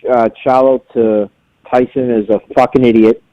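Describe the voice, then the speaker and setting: A man's voice: medium pitch, fairly even intonation, normal speed, no echo. A man calling in to a podcast, blunt and swearing a lot as he argues. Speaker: caller. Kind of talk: call-in phone chat. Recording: muffled phone line.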